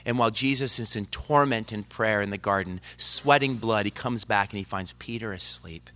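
A male preacher delivering a dramatic sermon that swings from loud to hushed and speaks straight to the congregation. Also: lowish voice, moderate pace. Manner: addresses the congregation directly.

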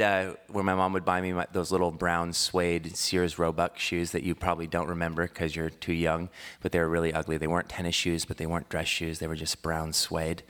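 A man in his thirties, originally from Washington State, preaching a sermon that mixes a relaxed personal story with rising, fervent scripture preaching. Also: deep voice. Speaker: pastor.

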